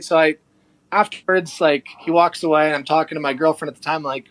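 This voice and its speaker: A young man speaks in a slightly high voice, close to a dry microphone. His story runs loose and chatty, and he jumps into the voices of the people he quotes. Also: fast talker, no room sound. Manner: animated, acts out quoted people. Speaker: podcast guest. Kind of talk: casual storytelling.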